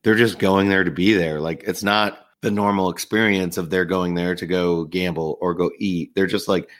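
A man co-hosting a podcast, talking in a relaxed, rambling way. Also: low voice, moderate pace, few pauses. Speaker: podcast co-host. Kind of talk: casual chat.

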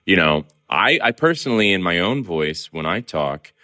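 Low-voiced guy with a bright edge, animated interview chat, laughs a lot. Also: moderate pace. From Southern California. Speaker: guest columnist.

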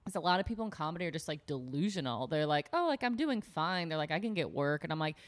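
A woman's voice: low voice, animated, racing. A woman stand-up comic chatting on a podcast, blunt and profane, saying "like" constantly and acting out quotes. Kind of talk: casual podcast chat.

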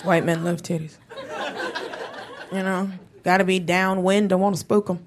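A woman performing a live stand-up set, delivering wry, deadpan punchlines. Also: lowish voice, normal speed, a crowd in the background. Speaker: stand-up comic. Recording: noisy live stage recording.

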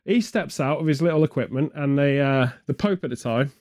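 A man's voice: on the high side, fairly quick, a little mellow. A man from the UK chatting casually, spinning meandering, absurd comic tangents with a straight face. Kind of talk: comedic rambling chat.

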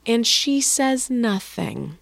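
A woman's voice: fairly high pitch, very animated, takes it slowly, gravelly, no echo, studio quality. A woman casually retelling a crime story in a wry, breezy way. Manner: wry, breezy retelling with sarcastic quoted voices. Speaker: podcast storyteller. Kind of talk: casual true-crime chat.

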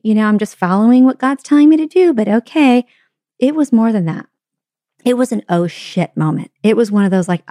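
A woman's voice: mid-range voice, a little mellow, dry recording. Candid chatty woman podcaster, dry sound. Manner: candid, chatty, addresses listeners directly. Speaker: podcast host. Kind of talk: personal storytelling podcast. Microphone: studio microphone.

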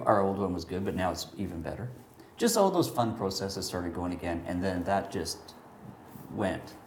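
Man, lowish voice, rambling casual storyteller who voices the people in his anecdotes; roomy echo. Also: a little hiss or hum. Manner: rambling, animated, many fillers, acts out quotes.

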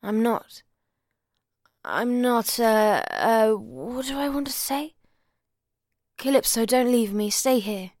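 A rowdy drunken man, as a woman reading a novel puts him on roars snatches of song and slurs his pleas. The voice rises loud and high when he shouts. The sound is close and dry, without room echo. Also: fairly even intonation, moderate pace, hardly any pauses, natural voice. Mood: slurred pleading. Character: loud drunken man, boisterous then sleepy.

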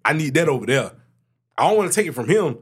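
A man co-hosts a casual podcast, telling a story about work. His pitch swings widely and jumps up high when he gets worked up. He swears freely and talks in loose, animated bursts. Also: quick pace, husky. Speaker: podcast co-host. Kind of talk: casual chat.

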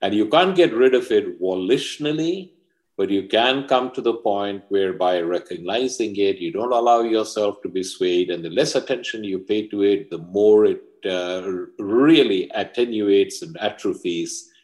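A man's voice: on the low side, normal speed, darkish tone. A man, a leadership coach, speaking as an interview guest and explaining his ideas with emphatic parables and stories. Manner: emphatic teacher, tells parables. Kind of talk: interview talk with storytelling.

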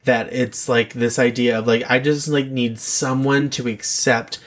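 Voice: mid-range voice, flat delivery. Chatty podcast host. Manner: chatty, quick to agree, profane. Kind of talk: casual conversation.

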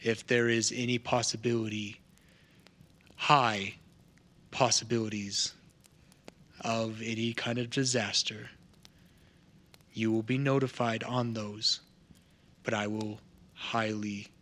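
A man playing a slow, formal crafter figure. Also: on the low side, little pitch movement, fairly bright tone. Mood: measured.

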